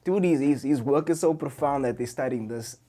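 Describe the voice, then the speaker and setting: A young man, a musician guest on a podcast, telling stories in a loose, excitable way, full of slang and swearing. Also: mid-range voice, brisk. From Cape Town, South Africa. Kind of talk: casual chat.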